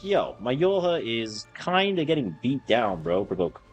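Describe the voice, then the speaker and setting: A young man streaming a game, commenting casually, swearing freely and chanting the same word over and over in excitement. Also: medium pitch, a little slow, dull audio. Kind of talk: casual live gameplay commentary. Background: faint game music.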